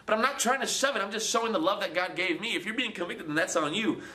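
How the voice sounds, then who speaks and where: Bright-voiced man preaching in an echoey room. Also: high-pitched, quick pace. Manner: animated, acts out quoted voices, repeats words. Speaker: Christian video host. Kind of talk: casual preaching to camera.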